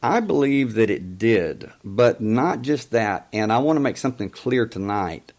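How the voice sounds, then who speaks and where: A man's voice: mid-range voice, lively intonation, a little slow, a little mellow. A middle-aged man hosting a call-in talk show, telling a story in an emphatic way and quoting past conversations. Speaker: radio show host.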